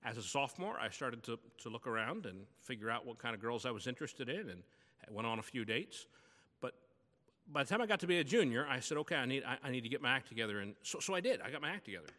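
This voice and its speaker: Bright-voiced pastor preaching in a church. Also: male voice, mid-range voice, big pitch swings, fast talker, in a large hall. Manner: conversational storytelling preaching. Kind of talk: sermon.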